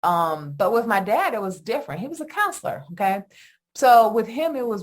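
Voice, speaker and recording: A middle-aged woman hosting a solo podcast on attachment, talking in an animated, emphatic way with lots of rhetorical questions. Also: a little high, a little fast. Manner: animated, emphatic, often asks "guess what" and "right?". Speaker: podcast host, attachment educator.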